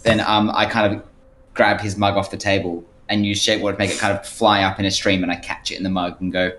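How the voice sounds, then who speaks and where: A man's voice: low voice, level tone, quick pace, fairly bright tone, reverberant, a little hiss or hum. A man playing a tabletop game, talking in a wry, playful way. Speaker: player. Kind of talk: casual tabletop role-play.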